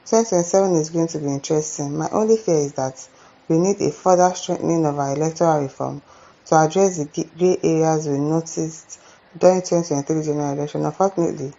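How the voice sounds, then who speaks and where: A woman's voice: sits low, lo-fi sound. A woman with a Nigerian accent hosts a commentary channel, reading viewer comments aloud and reacting with exclamations and "eh?" asides. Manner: animated, exclaims and adds asides like "eh?".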